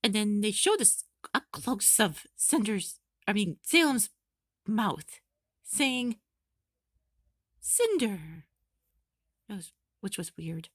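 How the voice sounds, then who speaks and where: Fan reviewer, female, eager and rambling, unhurried delivery, dry close sound. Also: medium pitch, no echo. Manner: excitable, rambling with many fillers. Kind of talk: casual recap.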